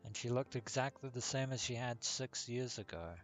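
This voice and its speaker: A man's voice: mid-range voice, normal speed, faint music behind. A man hosting a let's play, reading the game text aloud and adding comments with some fillers.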